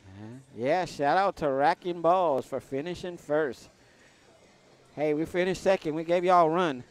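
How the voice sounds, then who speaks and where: A man with a drawl talks through a pool match on a live stream in a loose, joking way. His voice sits slightly higher than most men's. He keeps tossing shout-outs to the people watching. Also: normal speed. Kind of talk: casual live commentary.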